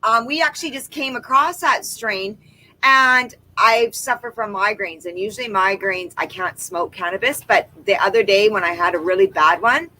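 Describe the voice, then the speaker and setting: Her voice is medium-pitched, bright, and forceful, moving at a moderate pace through a rough laptop-microphone recording. She co-hosts a relaxed livestream outdoors in her backyard, chatting and reading viewers' comments aloud.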